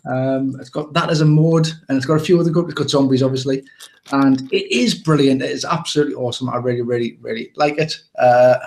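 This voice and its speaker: A man's voice: medium pitch, quick pace, gravelly, darkish tone. An English man hosting a casual live chat show, rambling and joking with plenty of restarts. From England. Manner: rambling, jokey, with many restarts. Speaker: podcast host.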